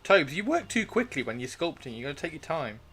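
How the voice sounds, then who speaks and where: A man's voice: a little high, sing-song, a little fast, bright, forceful tone. Chatty man streaming his hobby. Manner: chatty, laughing, encouraging viewers. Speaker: livestream host. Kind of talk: casual livestream chat while sculpting miniatures.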